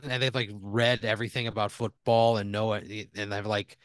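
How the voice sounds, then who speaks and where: A man's voice: on the low side, little pitch movement, normal speed, hardly any pauses, a bit bright, no room sound. A man hosting a comedy podcast, spinning an improvised story in a rambling, casual way and swearing freely. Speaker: podcast host.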